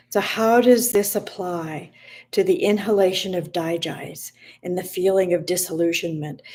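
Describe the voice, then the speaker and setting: A woman with a low voice shares a story and a lesson in an unhurried, reflective way. She often stops and restarts her words mid-phrase. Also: a little mellow. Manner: slow and reflective, with frequent restarts. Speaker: wellness speaker. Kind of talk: reflective motivational talk with a read-aloud story.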